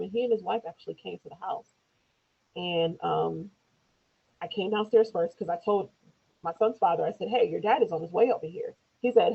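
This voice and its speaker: A woman, an interview guest, telling a personal story in a loose conversational way, acting out quoted speech in higher voices. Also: fairly quick, vocal fry, breathy edge. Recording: tinny phone-like lo-fi audio.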